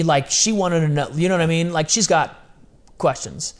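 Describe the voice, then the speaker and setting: Man, thirties, lightly high voice, animated casual storyteller, slangy chat. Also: normal speed. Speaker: guest.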